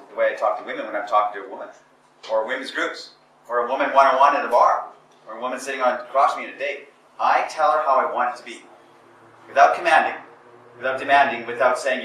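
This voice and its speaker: Recorded from a distance in a roomy venue in Portugal with faint ambience, a man with a mid-range, fairly bright voice speaks fairly quickly. He's giving a blunt, emphatic motivational seminar talk, often repeating phrases and restarting sentences.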